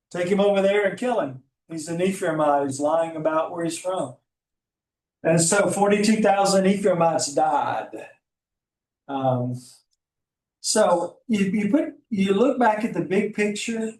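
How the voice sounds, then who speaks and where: Middle-aged Southern man, Alabama accent, folksy Bible lecturer, slightly high voice, distant mic in a roomy hall. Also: a little mellow. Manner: folksy, conversational teaching with asides and chuckles. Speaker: Bible teacher. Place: classroom.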